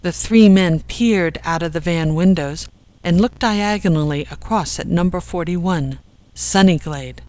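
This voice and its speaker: An audiobook narrator reading a comic story in a steady storytelling manner. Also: medium pitch, unhurried, low-quality recording. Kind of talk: scripted narration.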